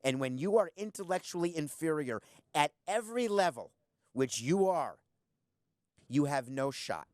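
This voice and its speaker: A man's voice: fairly high pitch, lively intonation, normal speed, darkish tone, no room sound, clean studio sound. A man hosting a podcast in blunt, sarcastic solo commentary, firing off rhetorical questions. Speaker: podcast host.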